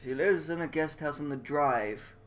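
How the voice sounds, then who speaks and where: A man's voice: fairly high pitch, moderate pace. A man reading a mystery game aloud with crude, confused, mocking asides. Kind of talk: casual game commentary.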